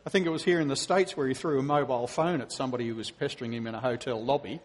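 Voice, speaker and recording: A middle-aged man, a preacher and professor, giving a conversational sermon with animated storytelling. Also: mid-range voice, very fast. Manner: animated storytelling, acting out quotes.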